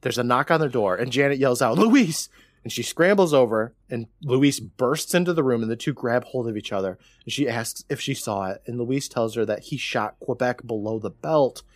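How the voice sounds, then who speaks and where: A man's voice: mid-range voice, normal speed, few pauses, no room sound, studio quality. A man co-hosting a podcast, casually recapping a TV episode and acting out the characters' lines in exaggerated voices. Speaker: podcast co-host.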